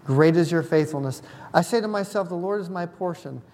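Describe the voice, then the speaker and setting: A man's voice: fairly high pitch, a little fast, darkish tone. A man preaching a sermon as a pastor, talking conversationally and putting questions to the congregation. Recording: long hall reverb.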